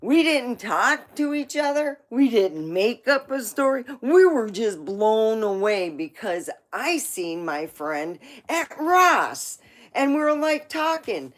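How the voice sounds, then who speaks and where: A woman's voice: fairly high pitch, big pitch swings, takes it slowly. A woman hosting a livestream, telling rambling family stories in a casual way, laughing often and swearing now and then. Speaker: livestream host. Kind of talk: casual storytelling.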